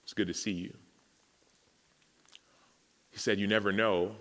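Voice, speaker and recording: A man's voice: fairly low pitch, measured pace. A man, giving a personal testimony at a men's gathering and acting out the conversations he recounts. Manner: storytelling, acts out dialogue, grows emotional and animated. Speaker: speaker at a men's summit. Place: large hall with audience. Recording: reverberant hall.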